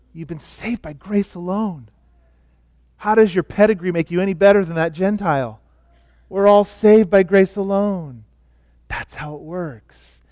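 High-voiced man preaching a sermon. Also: dry recording, studio quality. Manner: conversational preaching, acts out quoted voices. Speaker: pastor.

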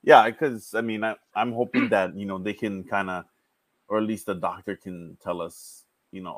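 Hesitant expectant father, lowish voice, dry close mic. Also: steady tone, normal speed, no echo. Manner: hesitant, restarts while asking questions. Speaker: expectant father asking friends. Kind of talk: casual chat.

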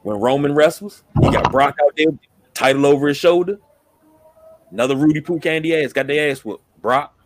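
A man co-hosting a casual wrestling chat, animated and slangy, often stammering as he pitches ideas. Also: fairly quick. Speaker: podcast co-host.

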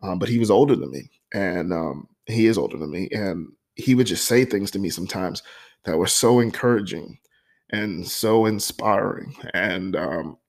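Earnest low-voiced man reading his poem. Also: vocal fry. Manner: earnest and heartfelt, pausing with frequent ums. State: emotional, voice catching. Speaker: poet reading his own work. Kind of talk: personal poetry reading with reflective talk.

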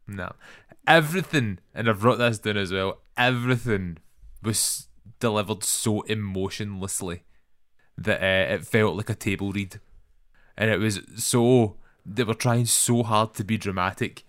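Scottish male podcast co-host, low-pitched, blunt and sweary, dry close sound. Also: unhurried, fairly bright tone, dry recording. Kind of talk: casual chat.

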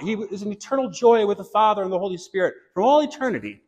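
A man's voice: high-pitched, animated, quick pace, few pauses, darkish tone. A man preaching a sermon in church, earnest, turning to a light personal story now and then. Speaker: pastor. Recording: long reverb of a church hall.

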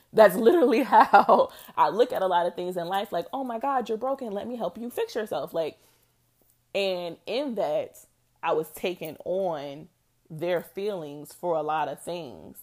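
A woman with a slightly low voice hosts her own podcast, talking alone about her life. She is chatty and reflective, full of fillers, and laughs often. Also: a little mellow. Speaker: podcast host. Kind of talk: casual solo podcast monologue.

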